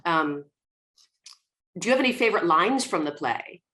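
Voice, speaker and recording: A woman's voice: on the low side, expressive, moderate pace, sharp tone. A woman hosting a casual online theatre talk, asking questions and telling anecdotes with easy laughter.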